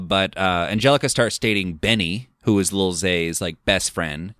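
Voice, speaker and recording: A man's voice: on the low side, fairly bright tone, dry recording, clean studio sound. A man hosting a podcast, retelling a film's plot in a rambling, casual way full of fillers. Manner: rambling, filler-heavy retelling with quoted lines. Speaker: podcast host. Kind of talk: casual film recap.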